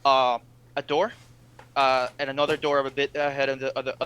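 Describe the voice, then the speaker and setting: A man narrating as game master in a tabletop game, halting and filling gaps with fillers and restarts. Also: mid-range voice, flat delivery, fairly bright tone, a little hiss or hum, poor audio.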